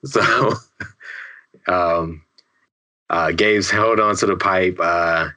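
Man, deep voice, bright edge, laid-back podcast co-host, lots of uhs and likes, laughs easily. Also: drawn-out words. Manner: laid-back, filler-heavy, laughs often and swears. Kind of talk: casual movie recap chat.

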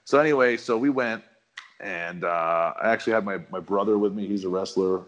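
Rambling man telling stories, lower voice. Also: a little fast, a bit bright, muffled recording. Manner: rambling, laid-back, slangy. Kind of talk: casual storytelling.

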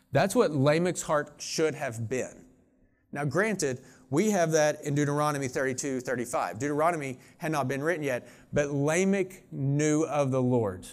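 A man in middle age gives a sermon in a relaxed, conversational tone. He presses his points with earnest emphasis, in a voice of ordinary middle pitch. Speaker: pastor.

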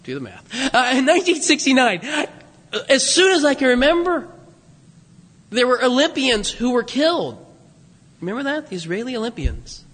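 A man in his fifties preaching a sermon, animated and jokey, laughing at himself as he talks. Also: very high voice, normal speed, long pauses, breathy edge, in a large hall. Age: 50s. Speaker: pastor.

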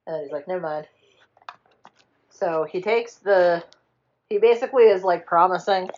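Woman, casual chat, rambling and animated, slips into character voices, swears, dull lo-fi sound. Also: fairly low pitch, moderate pace, pauses often. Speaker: podcast co-host retelling a film.

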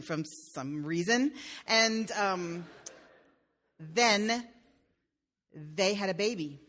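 A woman's voice: mid-range voice, expressive, very slow, pauses often, a bit bright. A woman pastor telling a fairy tale in a sermon, with playful asides to the listeners.

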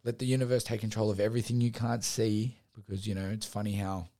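A man's voice: fairly low pitch, flat delivery, fast talker, dark tone, no room sound, studio quality. A man in his thirties musing candidly on a solo podcast, rambling with many fillers and swear words. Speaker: podcast host and gym owner. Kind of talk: casual solo podcast reflection.

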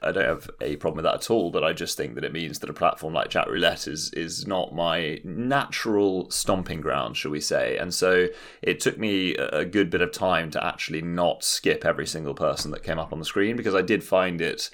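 A man's voice: sits low, a little fast, few pauses, a bit bright. A man co-hosting a podcast, speaking in an articulate, wordy, self-deprecating way. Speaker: podcast co-host. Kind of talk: casual chat.

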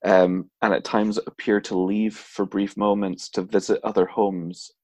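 The voice is a man's, fairly low and recorded close and dry with almost no room sound. He co-hosts a podcast, telling a folklore tale in a loose, chatty way and breaking into laughter and jokey voices. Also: level tone, measured pace, mellow, no echo. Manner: laughs often, acts out voices, swears casually. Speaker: podcast co-host. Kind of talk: casual storytelling chat.

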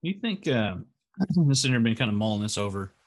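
A man's voice: medium pitch, sing-song, fairly quick, a little mellow. An American man co-hosting a casual podcast, rambling with many fillers. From United States. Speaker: podcast co-host. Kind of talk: casual chat.

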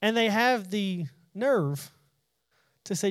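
A man's voice: high voice, expressive, normal speed, no room sound, studio quality. A man preaching a casual Bible study, talking conversationally, often repeating and restarting words, and paraphrasing scripture in everyday speech.

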